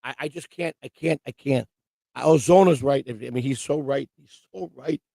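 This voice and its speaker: A man's voice: mid-range voice, normal speed, creaky, mellow, no echo, rough recording. A man co-hosting a casual live-stream chat, stammering and repeating himself as he teases his co-host.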